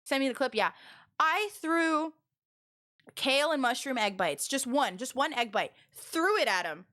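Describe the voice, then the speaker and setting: High-voiced, animated young woman streamer. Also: measured pace. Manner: animated and rambling, full of "like" fillers; loud and expressive. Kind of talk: casual storytelling to a live chat.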